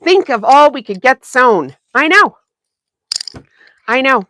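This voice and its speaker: Bright, chatty woman hosting a sewing livestream. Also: high voice, sing-song, slow pace. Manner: chatty, laughs often, greets viewers. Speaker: sewing channel host. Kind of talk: casual livestream chat while sewing.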